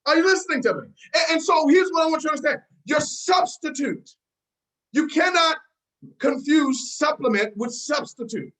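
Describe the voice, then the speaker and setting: Woman hyping up her team on a video call, fired up, repeats stuff, shouts out names. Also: high voice, animated, normal speed, poor audio. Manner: fired-up, repetitive, calls out listeners by name. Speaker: team leader hosting a business call. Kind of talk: motivational pep talk on a video call.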